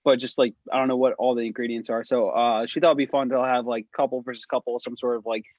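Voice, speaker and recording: A man's voice: medium pitch, little pitch movement, fast talker, darkish tone, no echo, highs cut off. A young man co-hosting a casual chat among friends, rambling through stories with many fillers and restarts. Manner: rambling, heavy filler words. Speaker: podcast co-host.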